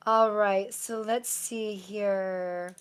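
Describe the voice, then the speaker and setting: A woman's voice: mid-range voice, steady tone, drawn-out words, clean tone. A woman live-streaming tarot readings, chatting casually with viewers and using lots of fillers as she reads the cards. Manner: chatty, many fillers, thanks viewers often.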